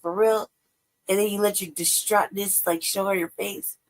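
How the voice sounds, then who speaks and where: A woman hosting a livestream, reacting in casual, profane, exasperated commentary that swings high and low. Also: level tone, normal speed, poor audio. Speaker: livestream host.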